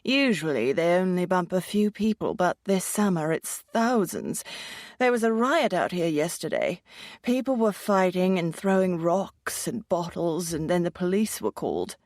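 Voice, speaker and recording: A woman's voice: fairly low pitch, very animated, moderate pace, darkish tone, no echo, clean studio sound. A woman doing a matter-of-fact British traveler.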